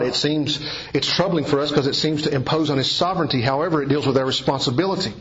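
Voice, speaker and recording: Preaching man on a dull lo-fi recording. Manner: expository preaching, swelling in pitch on key phrases. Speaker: pastor. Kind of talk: sermon.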